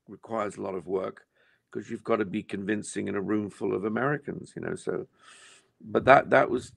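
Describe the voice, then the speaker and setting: A man's voice: fairly low pitch, gravelly, no room sound, studio quality. An older English man, an actor being interviewed, talking in a reflective, rambling way with many fillers. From England. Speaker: actor guest. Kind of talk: casual interview chat.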